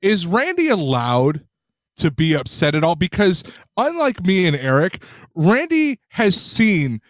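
A young man with a slightly high voice pushes his argument hard and cuts others off. The sound is dry and close, with no room around him. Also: wildly swooping pitch, measured pace, dry recording. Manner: pushy, argumentative, cuts in to make his point. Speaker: podcast co-host. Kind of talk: casual sports chat.

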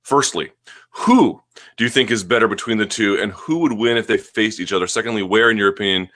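Bright-voiced man rambling through a live chat. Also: fairly low pitch, brisk. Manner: rambling, self-deprecating, with frequent restarts. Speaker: host of a live chat show. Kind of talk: casual live-stream chat answering viewer questions. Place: at home.

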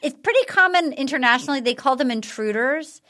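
A woman hosting a podcast in casual chat, excitable and laughing often. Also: high voice, a little fast. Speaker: podcast host.

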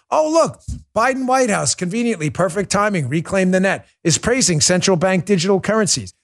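A man's voice: high voice, a bit bright. A man hosting a political talk show, delivering a sarcastic, mocking monologue with big swings in tone. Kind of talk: opinionated monologue.

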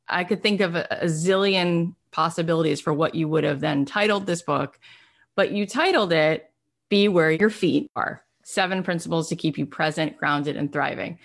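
A woman's voice: low-pitched, normal speed, vocal fry. A woman hosting an interview, asking questions in an enthusiastic, casual way. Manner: enthusiastic, with fillers and restarts. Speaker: podcast host.

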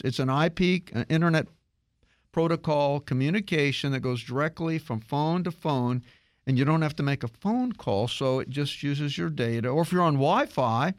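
A man hosts a tech talk radio show, spinning a story with frequent restarts and false starts. His voice sits a bit high and swings widely in pitch. The studio sound is close and dry. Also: no echo. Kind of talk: casual radio tech chat.

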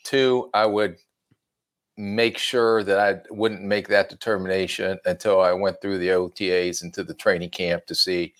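A man's voice: sits low, little pitch movement, moderate pace. A middle-aged man, a former football general manager, chatting casually on a podcast and telling folksy stories with a laugh at himself.

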